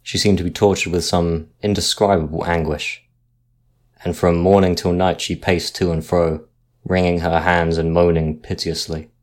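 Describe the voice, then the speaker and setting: A man reading a sea ghost story aloud in a measured, dramatic narration style. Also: deep voice, flat delivery, darkish tone.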